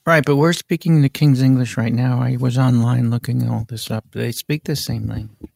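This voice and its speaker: An improv performer in a comedy scene who delivers lines deadpan. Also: medium pitch, normal speed, gravelly, no echo, studio quality.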